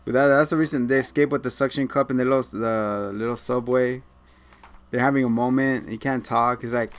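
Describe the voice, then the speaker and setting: A man's voice: medium pitch, steady tone, a little fast. Joking man recapping a show. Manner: loose and joking, acts out characters, swears. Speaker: podcast co-host. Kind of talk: casual chat recapping a TV episode.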